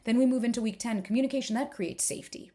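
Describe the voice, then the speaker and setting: A woman's voice: a little high, fast, warm tone. A woman coach walks through her dating program in a live workshop, talking straight and unfiltered, with the odd swear word. She keeps the pace going with strings of rhetorical questions aimed at her listeners. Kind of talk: live online workshop presentation.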